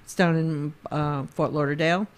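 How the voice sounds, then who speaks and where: A woman comedian chatting as a guest on a talk show, halting in her speech and laughing easily. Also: low voice, steady tone. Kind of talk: casual chat.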